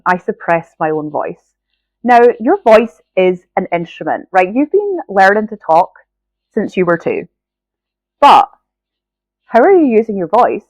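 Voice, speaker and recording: A woman's voice: mid-range voice, dry recording, poor audio. A Scottish woman talks straight to her listeners in an earnest, encouraging podcast monologue, often checking in with "right?". Her voice is stuffy and nasal from a cold. The recording is close and dry, with no room sound. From Scotland. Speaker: podcast host.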